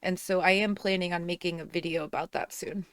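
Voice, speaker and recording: Host, woman, low-ish voice, casual, repetitive delivery. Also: fairly even intonation, brisk, dry recording, studio quality. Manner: rambling, repeats herself. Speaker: political commentary host. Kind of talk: casual commentary.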